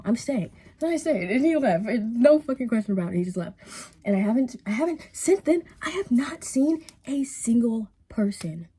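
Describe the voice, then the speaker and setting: A woman's voice: medium pitch, warm tone, husky. A young woman telling a rambling, casual storytime while she paints, full of fillers and swearing, acting out the people in her story. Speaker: vlogger.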